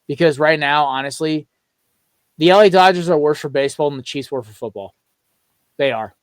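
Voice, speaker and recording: A man's voice: a little high, brisk, dry recording. A young man co-hosting a sports podcast, ranting with heated, strong opinions in casual chat. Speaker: podcast co-host.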